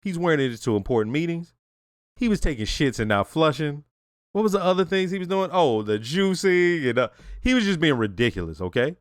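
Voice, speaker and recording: A man's voice: on the high side, very animated, fairly quick, no echo, studio quality. A man hosting a reaction video, casually reviewing a TV episode in a loose, profane, conversational way.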